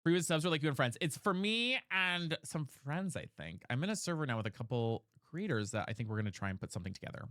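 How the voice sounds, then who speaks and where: A man's voice: fairly high pitch, expressive, fast, hardly any pauses, a bit bright, no echo. Chatty young man streaming live, dry sound. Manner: chatty, reads chat aloud and explains vocal technique. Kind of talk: casual live-stream chat.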